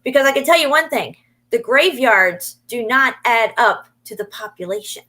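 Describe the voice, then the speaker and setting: A woman co-hosting a casual talk show, telling animated stories with lots of swearing and laughter. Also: high voice, moderate pace, low-quality recording. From Alabama. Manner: animated storyteller, swears freely, laughs often. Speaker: podcast co-host. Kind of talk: casual chat.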